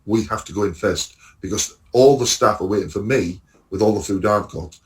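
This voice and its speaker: A man with a somewhat low voice tells stories about his work as a lorry driver in a relaxed, chatty way. He acts out the other people's lines as he goes and swears freely. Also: normal speed, rough recording. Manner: animated storytelling, acts out dialogue, swears freely. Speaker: lorry driver and podcast guest. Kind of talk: casual chat.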